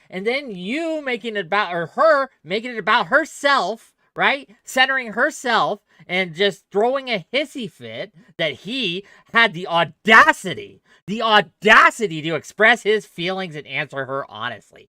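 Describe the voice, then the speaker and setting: A man's voice: high-pitched, very animated, normal speed, few pauses, sharp tone, no echo, studio quality. A man hosting a heated debate stream, arguing hard and swearing, acting out both sides of his examples in quoted voices.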